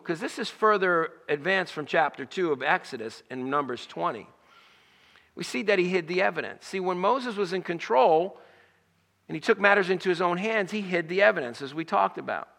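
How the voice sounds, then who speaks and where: A man's voice: sits high, expressive, moderate pace, creaky, sharp tone, in a large hall. A man preaching a sermon, reading scripture and acting out its lines with rising emphasis. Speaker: pastor.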